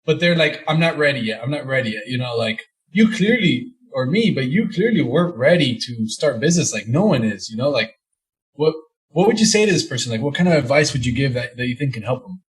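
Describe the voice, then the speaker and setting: A man's voice: mid-range voice, expressive, brisk, rough recording. A man hosting a casual podcast interview, asking long, loose questions full of slang and restarts. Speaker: podcast host.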